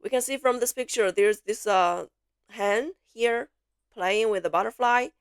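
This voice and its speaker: A woman teaching pronunciation, slowly repeating syllables and words for learners to copy, switching between English explanations and drills. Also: a little high, dry recording, clean studio sound. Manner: slow, clear repetition, drawn-out syllables for learners. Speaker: Mandarin teacher.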